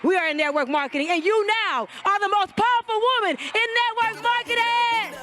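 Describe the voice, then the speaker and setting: A woman with a very high, bright, forceful voice gives a preacher-like motivational speech from a live event stage. She drives the audience with commanding, repetitive call-and-response lines while faint music plays underneath. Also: normal speed, some chatter behind. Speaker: motivational speaker.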